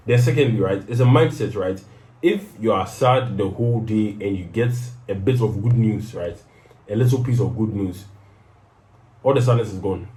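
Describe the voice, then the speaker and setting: A young man hosts his own personal advice show, offering casual motivational tips in a conversational style and often adding "right?" to his sentences. His voice is lowish and darkish, with a roomy sound and poor audio quality.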